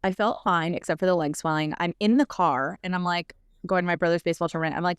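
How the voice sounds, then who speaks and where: A young adult woman telling a personal story as a podcast guest, in a quick, animated way full of filler words. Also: fairly low pitch, smooth. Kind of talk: casual storytelling.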